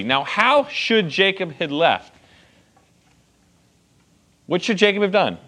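A man's voice: high voice, sing-song, slow, pauses often, pushed and bright. A man teaching a Bible passage to a group in a casual, conversational way. He checks in often with "okay" and "right.". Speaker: pastor teaching a Bible study.

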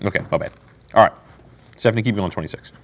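A fast-talking man with a fairly low pitch leads a Bible study as casual teaching. He keeps it conversational, acting out people's lines and checking in often with "okay?"

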